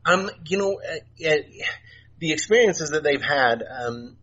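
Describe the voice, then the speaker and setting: A middle-aged man telling stories as a podcast guest, soft-spoken and halting, with many fillers and restarts. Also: on the high side, animated. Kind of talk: casual storytelling interview. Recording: dull lo-fi remote audio, faint noise.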